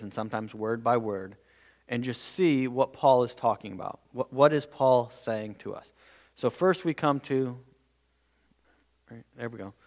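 A man preaching a verse-by-verse sermon in an earnest way, often repeating words as he goes. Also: mid-range voice. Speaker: pastor.

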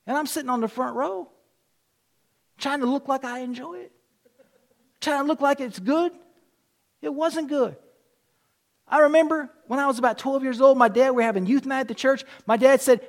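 A middle-aged man delivers a sermon in a fairly high voice, spinning personal stories. He acts out the quoted lines and swings from loud bursts down to a near whisper. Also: normal speed, creaky, pauses often. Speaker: pastor.

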